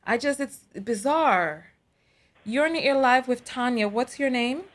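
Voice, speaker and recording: A woman hosting a live call-in show, giving her commentary quickly and repeating words as she starts a thought. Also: sits high. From United States.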